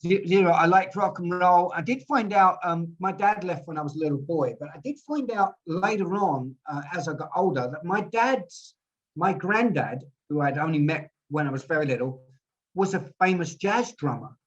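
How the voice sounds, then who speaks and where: A man's voice: on the high side, moderate pace. A man in his sixties telling rambling stories as an interview guest, often repeating words as he goes. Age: 60s. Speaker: guest musician. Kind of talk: storytelling interview. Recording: dull lo-fi audio.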